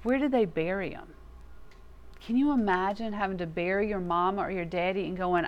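A woman teaches from scripture in a relaxed, conversational way, with a mid-range voice. She talks in a folksy, plainspoken style and lets her delivery liven up as she explains. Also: mid-range voice, brisk. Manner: folksy, animated, casual turns of phrase. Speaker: Bible teacher.

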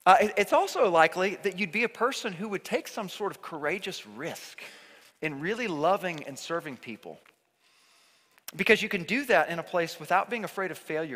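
Man, pastor, sermon, high lively voice, bright tone, echoing church hall. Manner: earnest, emphatic, repeats for emphasis. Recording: long hall reverb.

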